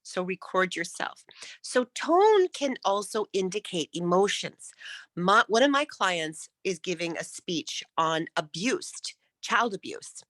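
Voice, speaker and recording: Woman speaking coach, crisp diction, lively swoopy pitch, dry close video call sound. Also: a little slow, no room sound. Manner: crisp, careful enunciation; demonstrates shifts between loud and whispered speech. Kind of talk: online workshop teaching.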